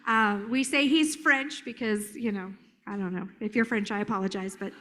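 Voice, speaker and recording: A woman giving a live conference talk as a therapist, animated and joking, slipping into silly voices. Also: mid-range voice, moderate pace.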